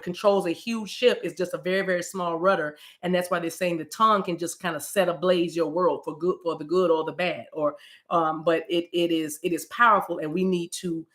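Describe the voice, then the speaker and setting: A spiritual card reader talks through a casual message at a mid pitch. The delivery wanders, with words repeated and sentences restarted, and scripture quoted loosely. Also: steady tone, brisk, a bit bright.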